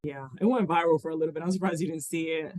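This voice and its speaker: A woman's voice: low voice, fairly even intonation, very fast, darkish tone, dry recording. Rambling woman podcast co-host, dry close mic. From Dominican Republic. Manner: rambling, many restarts and "like" fillers. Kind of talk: casual chat.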